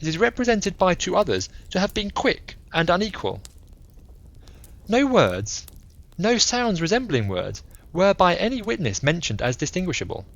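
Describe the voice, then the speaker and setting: A man voicing an eccentric, brilliant male detective who reasons aloud in a measured, lecturing way, read as a bedtime audiobook. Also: sits high, huge pitch swings, gravelly, a bit bright, dull audio, pitched above the performer's own voice, exaggerated voice.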